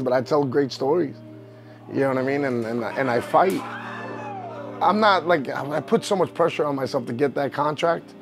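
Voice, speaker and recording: A man, a professional wrestler telling his story in a candid sit-down interview, emotional and rambling. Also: fairly high pitch. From New York. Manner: emotional, rambling, frequent "you know what I mean".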